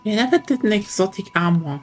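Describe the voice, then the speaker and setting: A woman in a mid-pitched voice chats casually as a co-player on a game stream. She teases and jokes with her friend in a playful way. Soft game music runs in the background. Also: animated, fast. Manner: playful, teasing. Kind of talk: casual gaming chat.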